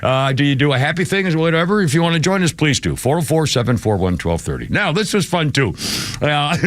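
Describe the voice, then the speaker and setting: A man's voice: a little high, very animated, a little fast, fairly bright tone, dry recording. A man hosting a live radio talk show, rambling and irreverent with blunt asides. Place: radio studio.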